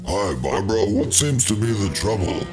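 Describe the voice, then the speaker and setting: A man's voice: fairly low pitch, animated, normal speed, close to an everyday voice. A man playing a forgetful, rambling old male doctor in a spoof TV drama skit, with music underneath. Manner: doddering, wanders off topic.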